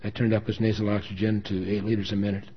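Earnest male story narrator, low and husky; lo-fi recording. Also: flat delivery, fast. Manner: earnest, emotional reading. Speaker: story reader. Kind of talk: dramatic first-person story narration. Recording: dull lo-fi recording.

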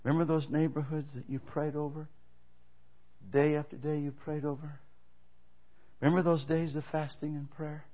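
A male preacher putting on a tender, fatherly Jesus who speaks softly and fondly to a faithful servant. The voice is husky and sits fairly high for a man. It is captured on a dull, lo-fi recording. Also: flat delivery, normal speed, long pauses, natural voice.

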